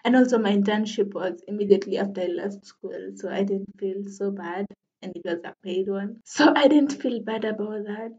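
A young woman in her twenties chats alone into her podcast mic, mid-pitched and easygoing. She laughs a lot and teases herself as she rambles. The recording sounds a little dull and lo-fi. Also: moderate pace, dark tone. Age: 20s. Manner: chatty, laughs often, self-deprecating. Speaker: podcast host. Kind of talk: casual solo podcast chat.

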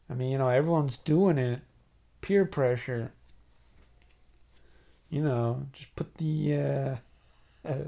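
A man's voice: a little high, vocal fry, a little mellow, dull audio. A man with a congested nose hosting a solo podcast, rambling wryly and mocking himself as he talks straight to his listeners. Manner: wry, self-mocking, talks to listeners directly. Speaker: podcast host.

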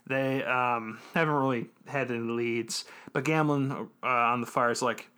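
A man's voice: medium pitch, steady tone, unhurried, sharp tone, clean tone. A man on a podcast, casually recapping an episode, rambling with lots of ums and little laughs. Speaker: podcast co-host.

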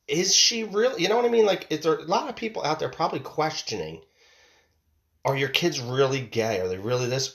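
A man's voice: medium pitch, fairly bright tone. Guy in his 40s ranting casually, swears a lot, keeps circling back and repeating himself. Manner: rambling, profane, emphatic, repeats himself. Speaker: father telling a story. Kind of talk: casual monologue rant.

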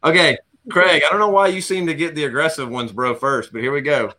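A man's voice: a little high, steady tone, brisk, sharp tone. A man hosting a casual fishing chat show, loose and joking, heavy on slang. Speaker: host.

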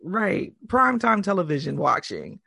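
A woman co-hosting a podcast, chatting casually and telling stories in an animated, profane way, acting out the quotes. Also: fairly low pitch, moderate pace, gravelly, slightly rough, no room sound, clean studio sound. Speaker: podcast co-host. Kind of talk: casual chat.

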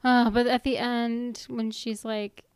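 A woman's voice: a little high, flat delivery, slow, clear, resonant tone, dry recording. A woman co-hosting a podcast, chatting casually and emotionally about a TV show and agreeing often. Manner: emotional, agreeable, lots of backchannel. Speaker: podcast co-host. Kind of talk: casual chat reviewing a TV show.

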